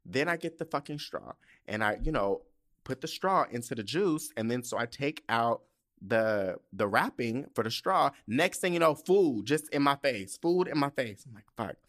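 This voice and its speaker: A man hosting a solo podcast, telling a heated, profane story about fast food with exasperated asides. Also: medium pitch, expressive, a bit bright. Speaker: podcast host. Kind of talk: casual solo podcast rant.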